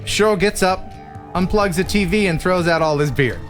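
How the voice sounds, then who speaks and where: A man's voice: high-pitched, normal speed, loud music behind the voice. An American man hosting a casual live stream, reading out viewer jokes and laughing often.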